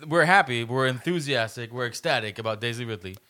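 Brief: podcast co-host, man, mid-pitch, animated intonation, skeptical and teasing. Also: fast talker. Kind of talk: casual chat.

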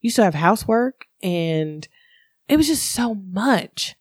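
A woman tells a personal story in a candid, animated way. Her voice sits at an ordinary middle pitch. The sound is dry and close, with no room echo. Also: takes it slowly, breathy edge. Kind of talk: casual chat.

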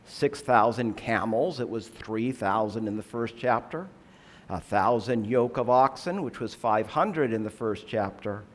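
This preacher works through scripture in a sermon, earnest and measured, with rhetorical questions mixed in. He has a lowish voice.

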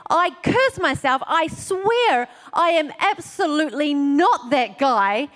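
A woman gives voice to a disciple speaking plainly and directly in a retold story. The voice is high and carries a long hall reverb. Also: animated, slow pace, a bit bright, full character voice. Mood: defiant. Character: Peter, frightened then humbled disciple man.

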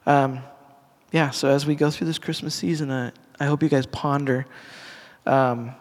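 A man's voice: medium pitch, little pitch movement, moderate pace. A middle-aged man, a pastor, giving a casual, earnest sermon to a congregation in a church hall, talking conversationally with restarts and asides. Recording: long reverb of a church hall.

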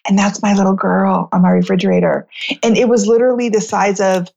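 An American woman in a talk interview, telling a personal story with lots of energy and a chatty flow full of "like"s. Her voice sits at a middle pitch and comes through slightly dull and muffled. She acts out the other people in the story as she goes. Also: fairly even intonation, brisk, gravelly, dark tone. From United States. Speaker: charity founder telling her story to a host.

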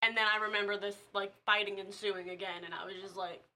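Casting: bright-voiced woman, blunt and salty, easy laughter, faint hiss. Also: mid-range voice, level tone, fast talker. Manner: blunt, profane, laughs easily. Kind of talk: casual podcast chat.

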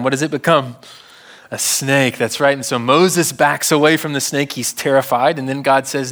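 Male preacher, conversational sermon delivery with humor, slightly higher-pitched. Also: normal speed, a bit bright. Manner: conversational, jokes with the congregation.

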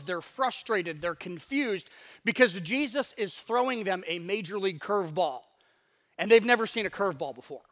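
A male pastor with a high, bright voice preaches in a casual, chatty style from a church sanctuary. He speaks conversationally and slips into acted-out voices as he talks. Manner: conversational, acts out voices in asides. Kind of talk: casual sermon.

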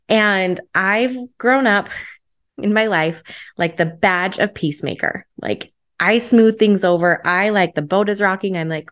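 A woman's voice: mid-range voice, measured pace, fairly bright tone. A young adult woman hosting her solo podcast, chatty and upbeat, with lots of "like" fillers. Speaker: podcast host.

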